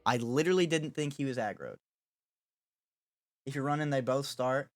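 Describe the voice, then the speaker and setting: A man's voice: medium pitch, normal speed, slight background noise. A young man chatting casually with his livestream chat while gaming, joking and making dramatic mock apologies. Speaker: streamer.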